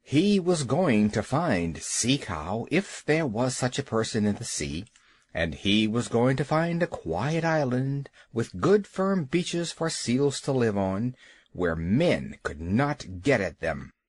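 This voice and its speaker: Man, children's storybook narration, dramatic, animated, dry close mic. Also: mid-range voice, slow, husky, no echo. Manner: expressive, dramatic reading. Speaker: audiobook narrator.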